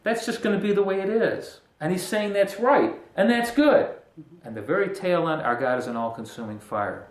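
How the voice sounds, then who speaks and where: A man's voice: high-pitched, lively intonation, normal speed, reverberant. A man preaching a casual, conversational sermon as pastor, joking and breaking into emphatic bursts.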